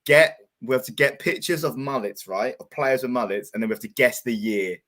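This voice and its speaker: A man's voice: mid-range voice, fairly quick, fairly bright tone. A young man, co-hosting a football chat show, teasing his partner and calling him mate. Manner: teasing, says "mate" often. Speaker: co-host. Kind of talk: casual banter chat.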